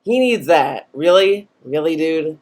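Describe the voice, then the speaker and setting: Man, high voice, sarcastic commentary rant, lots of filler words. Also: lively intonation, measured pace. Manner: sarcastic, mocking, many filler likes. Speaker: commentary youtuber. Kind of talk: ranting commentary.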